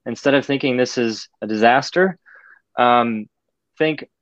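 A man's voice: mid-range voice, measured pace, no room sound, dull audio. A man on a podcast, talking casually and animatedly, acting out other people's voices as he explains his ideas. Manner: animated storyteller, acts out voices. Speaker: podcast guest.

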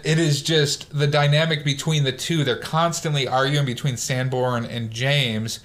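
A man's voice: medium pitch, moderate pace, hardly any pauses. A man casually recapping a war movie on a podcast, acting out the characters' lines as he goes. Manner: animated storyteller, acts out quotes.

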